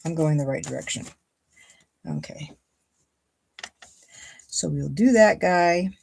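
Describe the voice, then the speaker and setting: Chatty low-voiced woman crafting. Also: expressive, normal speed, vocal fry, darkish tone, slight background noise. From Ohio, USA. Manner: chatty, thinks aloud while cutting and gluing. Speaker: card-making crafter, host. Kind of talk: casual crafting livestream chat.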